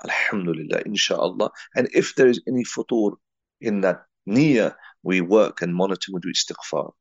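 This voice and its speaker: A man's voice: sits low, moderate pace, slightly rough, no room sound, dull audio. A man from England giving a reflective spiritual talk, telling a personal story and weaving in Arabic and Urdu religious terms. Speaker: religious teacher.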